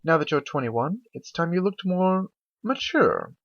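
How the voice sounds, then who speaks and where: A man voicing an elegant, refined female unicorn fashionista in a fan-read pony story, with sweet, coaxing, drawn-out lines. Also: a little high, sing-song, no room sound, pitched above the performer's own voice, heavily acted. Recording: dull lo-fi home mic.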